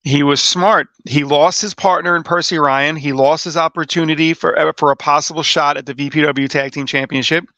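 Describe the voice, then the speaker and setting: Bright-voiced boastful man, wrestling manager. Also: on the high side, fairly even intonation, a little fast, few pauses, no room sound, dull audio. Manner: boastful, playful heel bravado. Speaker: wrestling manager, podcast guest. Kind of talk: casual podcast chat.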